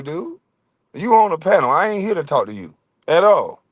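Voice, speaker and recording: A brash man ranting to his livestream chat, mocking his critics with plenty of swearing and laughter. His voice sits a little high and swings widely in pitch. The sound is dry and close. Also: big pitch swings, brisk, no echo. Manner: mocking, profane, laughs often. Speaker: livestream host. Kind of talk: profane livestream rant.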